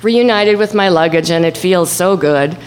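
A woman telling a true story live on stage. She is animated and acts out voices and shouts, swinging from low murmurs up to high cries. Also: moderate pace, noisy background. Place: stage before an audience.

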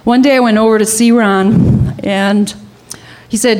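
With a steady tone and a measured pace, a woman shares a personal story at a live storytelling event. She voices the people involved, and her pitch and volume rise when things get tense.

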